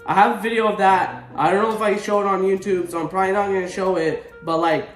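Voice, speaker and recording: A young man tells a story straight to his viewers, slangy and animated, his voice jumping up when he gets worked up. His voice sits a little high for a man, and it bounces around an echoey room with faint music playing under it. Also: fast talker. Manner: animated, swearing, rising to exclaims when retelling pain. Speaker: vlogger. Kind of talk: casual storytelling to camera.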